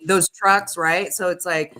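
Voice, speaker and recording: A woman's voice: lowish voice, steady tone, a little slow, pushed and bright. A woman speaking as a guest on a casual livestream, talking hesitantly with many "um"s and restarts. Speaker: panel guest.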